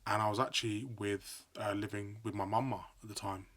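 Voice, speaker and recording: Podcast guest, man, middle-aged, animated storyteller, lower voice. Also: brisk. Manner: animated storyteller, acts out quotes. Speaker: podcast guest, sports broadcaster. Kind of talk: casual storytelling chat.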